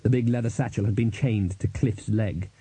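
A man narrating an audiobook in a dry, measured storytelling manner. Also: on the low side, steady tone, warm tone, breathy edge, dry recording, poor audio.

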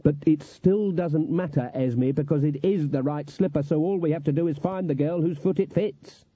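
A man acting out a haughty older witch, cool and superior, her voice nudged higher than his usual and slowed to a measured drawl. The tone is dark and husky, and the storybook reading sounds dry and slightly dull. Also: no room sound.

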